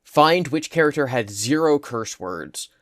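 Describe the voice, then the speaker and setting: A hoarse young man in his twenties, co-hosting a podcast and telling stories in a chatty way. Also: mid-range voice, expressive, measured pace, a bit bright, no room sound, clean studio sound. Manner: chatty, tells anecdotes. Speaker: podcast co-host. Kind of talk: casual chat.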